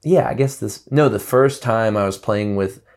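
Man, lowish voice, musician guest, relaxed chat, rambling, lots of restarts and fillers. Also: normal speed. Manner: loose and rambling, full of "like" and restarts. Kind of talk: casual interview chat.

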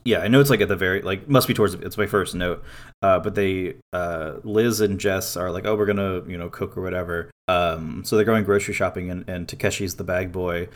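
A man co-hosting a podcast in casual chat, rambling with many fillers and restarts and quoting others in animated voices. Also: sits low, a little fast. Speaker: podcast co-host.

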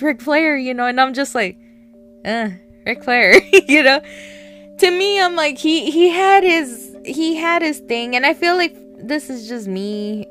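A woman's voice: medium pitch, fairly bright tone. Rambling chatty woman with faint music. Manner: rambling, chatty, lots of fillers and laughs. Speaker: wrestling fan commentator. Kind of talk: casual solo commentary.

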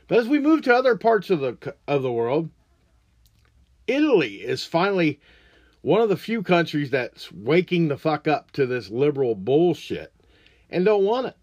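A man's voice: on the high side, dry recording, muffled recording. A man hosting a show, ranting about politics in a blunt, crude, mocking way. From United States. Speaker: podcast host. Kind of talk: profane political rant.

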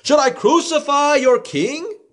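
A man's voice: very high voice, unhurried, a bit bright, voice pushed up. A man reading as an uneasy Roman governor. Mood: exasperated. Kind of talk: scripture reading.

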